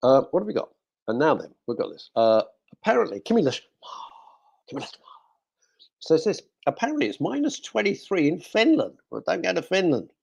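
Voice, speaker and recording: A man's voice: on the high side, very animated, a little fast, creaky, long pauses, darkish tone, slightly rough. A male radio host chatting casually in a studio, cracking jokes and reading out listener messages. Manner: jokey, rambling, talks to himself.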